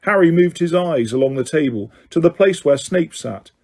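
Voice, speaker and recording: A man's voice: fairly high pitch, normal speed. A man narrating a novel as an audiobook, reading steadily with the odd stumble. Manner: steady reading, occasional slips. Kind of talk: scripted narration.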